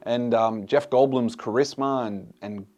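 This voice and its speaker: A man of middle pitch talks through a film review in a casual, blunt way. He sounds exasperated and swears often. Soft music plays faintly underneath. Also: unhurried.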